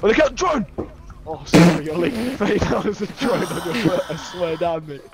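A young man in excitable, joking gaming banter, swearing and laughing with friends. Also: high-pitched, normal speed, heavy background noise. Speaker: gamer friend.

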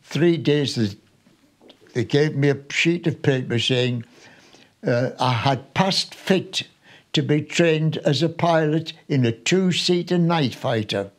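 A man in his nineties from Sunderland, a war veteran recalling his wartime memories for an interviewer in an unhurried, chatty way, with small restarts. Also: fairly high pitch. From Sunderland, North East England. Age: 90s.

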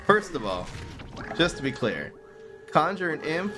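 A man giving casual live-stream commentary while playing a card game, thinking aloud and bursting into giggling excitement. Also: a little high, unhurried, long pauses, over music.

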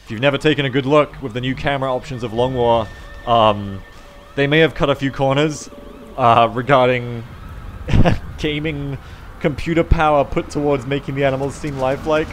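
A man giving live gameplay commentary, excitable, swearing often and shouting at the game. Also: medium pitch, normal speed, slight background noise. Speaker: game streamer.

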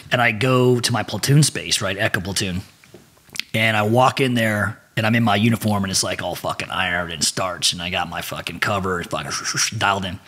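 A man in his forties with a husky, slightly rough voice spins loose, profanity-laced anecdotes as a podcast guest. He talks animatedly and colorfully, at an easygoing pace. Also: lowish voice, sharp tone. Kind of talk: casual storytelling.

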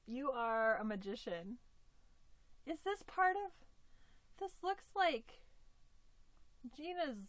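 A woman unboxing gifts in a casual vlog, gushing with excitement and often dropping to a whisper. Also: fairly high pitch. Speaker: doll collector unboxing gifts.

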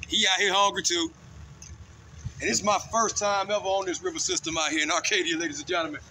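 A man hosting his fishing show, hyped and shouting catchphrases at the viewers out on a river. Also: sits high, fairly even intonation, fairly quick, low-quality recording. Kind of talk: excited outdoor fishing commentary. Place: outdoors on a river. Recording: outdoor clip with loud noise and passing vehicles.

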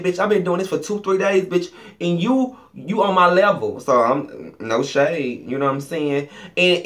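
A man giving a sassy, profane recap of a reality show episode, often dropping into low, muttered asides. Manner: sassy, profane, shade-throwing. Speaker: YouTube reality show reviewer. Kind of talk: casual recap commentary.

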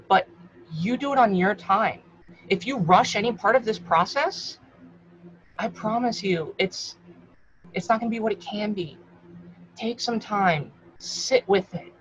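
A woman's voice: mid-range voice, a bit bright, a little hiss or hum. Woman, 30s, vlogger, frank, encouraging, swears casually, mid-range voice, slightly dull recording. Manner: frank and encouraging, swears freely, calls the viewer hun. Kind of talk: casual advice vlog to camera.

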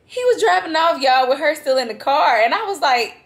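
A young woman vlogger telling a travel story to her viewers in a lively, dramatic, casual way. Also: sits high, brisk. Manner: animated, dramatic retelling, addresses viewers as y'all. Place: vacation lodging, indoors.

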